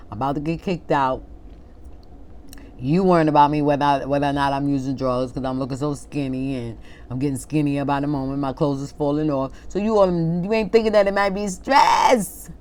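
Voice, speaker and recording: A woman preaching an informal, impassioned sermon, reading scripture slowly and then arguing with an imagined congregation. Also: sits low, fairly even intonation, darkish tone. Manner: impassioned, talks back to an imagined congregation, laughs at herself; reads scripture slowly and deliberately.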